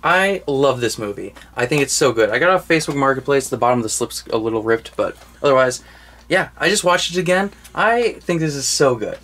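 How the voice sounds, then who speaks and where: A man's voice: medium pitch, lively intonation, fairly quick, a bit bright. A young man co-hosting a casual movie collection video, talking enthusiastically and rambling, with casual swearing. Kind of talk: casual chat.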